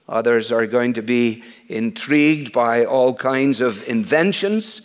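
A middle-aged or older man preaching an expository sermon. He is earnest and conversational, often pausing on "uh" and asking rhetorical questions. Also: mid-range voice.

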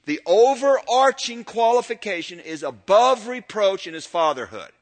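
An older man, a pastor teaching about church elders, speaking in a sermon-lecture style that swings from loud emphatic peaks to quiet low asides. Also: very animated, moderate pace.

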